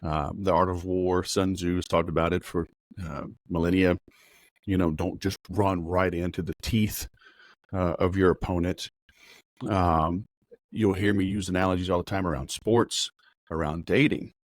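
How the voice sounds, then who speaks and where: A middle-aged man coaching on sales in a rapid, casual talk full of fillers and analogies. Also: sits low, fairly even intonation, a little hiss or hum.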